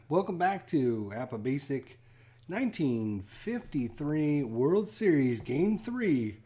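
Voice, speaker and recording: A man hosting and calling a tabletop baseball game in a relaxed, casual play-by-play, with frequent fillers and pauses. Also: on the high side. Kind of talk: casual solo game commentary.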